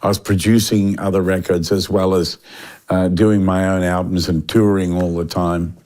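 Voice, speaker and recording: An older man with an Australian accent, a musician guest telling animated stories and acting out the people he quotes. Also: low-pitched, normal speed. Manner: animated storyteller, acts out quoted voices, frequent restarts. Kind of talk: relaxed storytelling interview.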